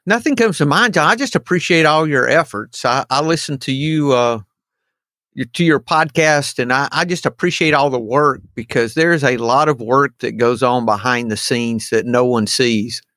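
Man guest, soft-spoken, appreciative, mid-pitched, dry close sound. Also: normal speed, no room sound. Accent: non-local accent. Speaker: podcast guest. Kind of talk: casual conversation.

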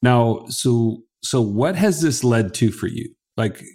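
A male podcast host asks his questions slowly and unhurriedly, in a mid-range voice. His delivery is relaxed and conversational. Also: mid-range voice, slightly rough. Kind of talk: casual interview chat.

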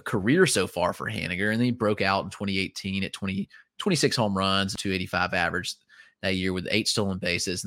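A man co-hosting a baseball podcast, speaking in a measured, agreeable way with frequent "you know"s. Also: low-pitched, pushed and bright, dry recording, studio quality. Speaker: fantasy baseball podcast co-host. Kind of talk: casual podcast chat.

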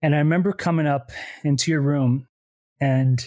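A man's voice: a little high, steady tone, normal speed, a little mellow, dry recording, clean studio sound. A male podcast host interviewing a guest, getting emotional and choked up as he asks his questions. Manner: emotional, choked up while asking.

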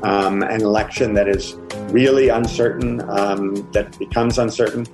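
A man's voice: lowish voice, steady tone, a little slow. A man from a news decision team recalling election night in an interview, emphatic. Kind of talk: interview recollection. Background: music.

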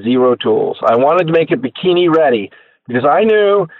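A man telling his inventor story as a radio guest, animated and acting out the people he quotes, heard over a tinny phone line. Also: a little high, brisk, dry recording. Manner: animated storyteller who acts out quoted voices. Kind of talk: casual storytelling interview.

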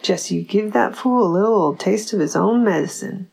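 A woman's voice: mid-range voice, normal speed, gravelly, darkish tone, slightly rough. A woman reading the part of a scornful, witty older mother with a Texan twang and a sneer.

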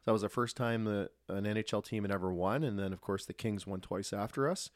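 Man telling relaxed hockey stories. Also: on the low side, fairly quick, dry recording, clean studio sound. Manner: relaxed, anecdotal, lots of restarts. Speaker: former pro hockey player, guest. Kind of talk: casual storytelling.

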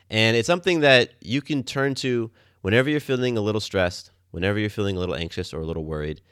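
A man hosting his own podcast, telling warm everyday stories in a casual, upbeat, enthusiastic way. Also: fairly low pitch, smooth, dry recording, studio quality. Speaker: podcast host. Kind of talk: casual storytelling monologue. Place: Atlanta, USA.

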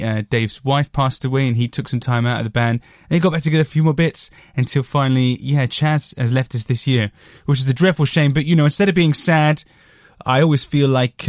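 This British man hosts a casual music monologue as an album-review podcaster, rambling along with plenty of fillers and self-deprecating asides. He speaks at a medium pitch, and the recording is clean studio sound with no room tone.

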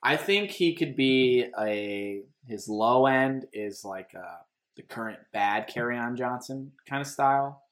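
A man's voice: mid-range voice, slow. A man co-hosting a casual sports talk show, arguing his points and hedging with filler words. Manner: argumentative, hedging with "like". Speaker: podcast co-host.

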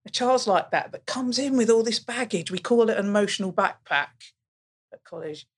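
Husky-voiced woman telling classroom stories. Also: medium pitch, normal speed. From England. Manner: animated storytelling, acting out pupils' replies. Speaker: guest, college curriculum manager and teacher. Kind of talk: casual podcast conversation.

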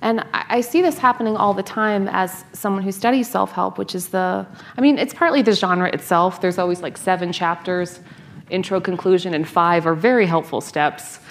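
A woman in her thirties from North America, a scholar and author telling stories in an interview, animated, laughing and restarting her sentences often. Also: fairly low pitch, normal speed. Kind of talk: conversational interview.

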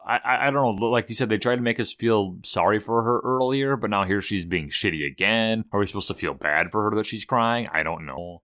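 A man's voice: on the low side, brisk, hardly any pauses, sharp tone, no room sound, clean studio sound. A man co-hosting a podcast in casual movie chat, hesitant and stammering as he thinks aloud. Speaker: podcast co-host.

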